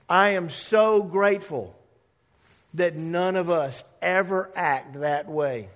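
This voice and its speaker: Animated male pastor preaching a sermon. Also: high voice, slow, long reverb tail. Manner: conversational, acts out voices of Bible characters; animated, playful with the congregation.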